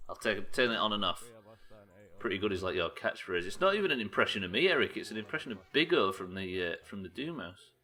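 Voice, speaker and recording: Brief: young man, live gameplay streamer, bright tone, swings from muttering to loud outbursts, swears a lot. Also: fairly low pitch, very animated, fast talker. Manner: swears often, talks to chat, frustrated outbursts.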